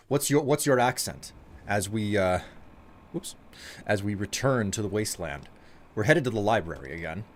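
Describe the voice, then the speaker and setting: A man streaming a game, chatting casually with his viewers and trailing off with fillers. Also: lowish voice. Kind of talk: casual chat while playing a game.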